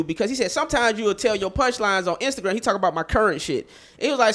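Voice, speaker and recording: A man hosting a podcast, telling stories in a casual, animated way. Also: high voice, racing. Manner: animated storyteller, slips into loud voices. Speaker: podcast host. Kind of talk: casual chat.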